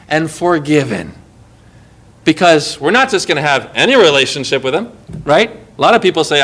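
A middle-aged pastor delivers a sermon in a high, bright voice. He swings between emphatic, lifted phrases and soft, hushed asides. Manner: preaching with emphatic rises and quiet, hushed asides.

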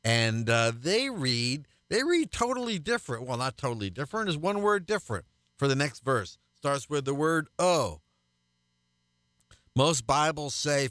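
A man's voice: on the high side, big pitch swings, measured pace, a bit bright, dry recording, studio quality. A man hosting a radio Bible teaching program as pastor, speaking earnestly and building to emphatic repeated refrains.

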